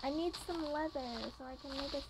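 A chatty young woman with a high voice talks while she plays a game. She is easily distracted and comments on whatever pops up. A faint hiss sits behind her voice. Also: steady tone, fast talker. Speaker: gamer. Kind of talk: casual gaming chat.

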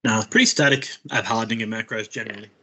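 A man's voice: fairly low pitch, fast, bright, forceful tone. A man co-presenting a webinar, answering in brief, matter-of-fact remarks.

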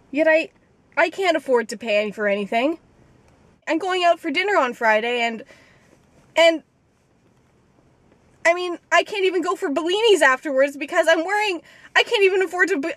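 A woman's voice: very high voice, fairly bright tone, no echo. A young woman venting indignantly and profanely to her camera from inside a car, exasperated and swearing freely. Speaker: vlogger. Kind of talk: casual rant to camera. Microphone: handheld camera.

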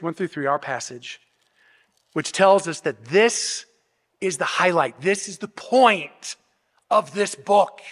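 The pastor's voice is high-pitched and a bit bright as he preaches an expository sermon in a church sanctuary. He explains things step by step with rhetorical questions, restarting often and repeating words, and long hall reverb surrounds him.

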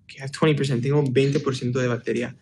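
A young man hosting a casual livestream from his phone, answering fan comments in a relaxed, chatty way with lots of fillers. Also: mid-range voice, very fast, a little hiss or hum. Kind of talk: casual livestream chat, switching between Spanish and English.

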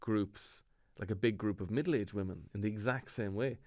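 A man's voice: fairly low pitch, normal speed, darkish tone, no room sound, studio quality. An Irish man, a comedian guest on a podcast, telling wry self-deprecating stories in casual chat.

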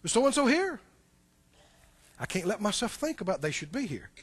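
High-pitched middle-aged preacher guy, really lively voice, goes loud then drops soft, chuckles a lot. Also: moderate pace, husky. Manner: animated preaching with sudden loud outbursts and soft asides. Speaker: pastor. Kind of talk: sermon.

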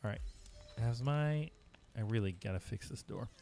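A man's voice: medium pitch, lively intonation, normal speed, mellow, a little hiss or hum. Chatty male gamer streaming live. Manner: chatty, talking to chat while playing. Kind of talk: casual live-stream gameplay chat. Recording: music playing behind.

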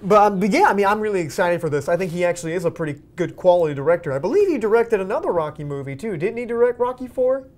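A man's voice: high voice, expressive, rapid-fire, hardly any pauses, darkish tone. A man hosting a casual movie podcast, eager and chatty, steering the talk and asking the others for their views. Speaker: podcast host.

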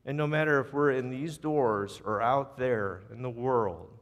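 American man, pastor, sermon, animated storyteller, mid-pitched, long church reverb. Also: measured pace, lo-fi sound. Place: church sanctuary.

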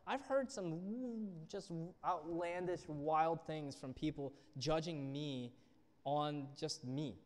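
A young youth pastor delivers a sermon in a fairly high, slightly mellow voice, telling stories and voicing the people in them. The long reverb of a church hall surrounds him.

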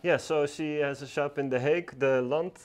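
Halting, friendly man hosting a livestream. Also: fairly high pitch, steady tone, a little mellow, clear, resonant tone. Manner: halting, friendly, laughs often. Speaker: livestream host. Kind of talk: casual livestream presenting. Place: floristry classroom.

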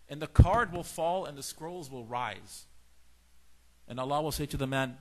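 Animated man giving a religious talk. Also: a little high, normal speed. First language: Farsi speaker. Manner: animated storytelling, acts out dialogue in shifting voices. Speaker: religious teacher. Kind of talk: sermon-style lecture.

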